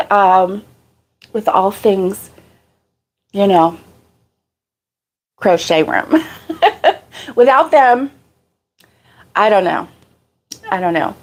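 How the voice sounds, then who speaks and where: A woman hosting a casual live crochet stream, out of breath, chatting and greeting viewers by name. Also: mid-range voice. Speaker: crochet channel host.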